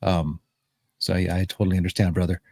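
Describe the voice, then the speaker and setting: A man hosting a livestream talk show, calm and affirming, with frequent ums. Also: low voice, brisk, gravelly. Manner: calm, affirming, filler-heavy. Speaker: host.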